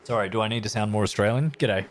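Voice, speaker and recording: A man's voice: lowish voice, fairly even intonation, very fast, a little hiss or hum. A man casually live-streaming a game, thinking aloud as he builds and chatting playfully with his viewers.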